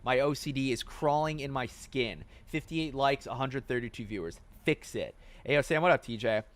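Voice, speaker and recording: A man's voice: medium pitch, moderate pace. A man in his twenties hosting a casual livestream Q&A, reading viewer questions aloud, swearing and getting worked up. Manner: animated, swears and gets fired up. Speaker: livestream host. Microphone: wearing headphones, close desk mic.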